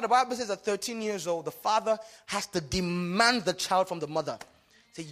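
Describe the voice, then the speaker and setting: A pastor preaching a sermon, whose first language is Yoruba, who swings from loud exclamations to hushed asides and keeps calling for the congregation's response. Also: male voice, high-pitched, normal speed.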